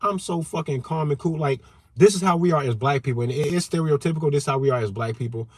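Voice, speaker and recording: A man talking loud and animated, swearing freely and circling back over his own points as he rants to his viewers from the driver's seat. The sound is close and dry, with no room around it. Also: on the high side, quick pace, dry recording. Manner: loud, animated, heavy cussing, repeats himself. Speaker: channel host. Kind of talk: heated livestream rant. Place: in a car.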